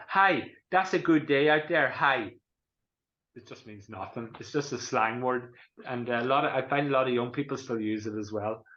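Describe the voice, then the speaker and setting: A man's voice: medium pitch, a bit bright. A man with a Donegal Irish accent giving an online cultural presentation, chatty and rambling, with many restarts. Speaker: guest presenter. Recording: roomy, dull online call audio.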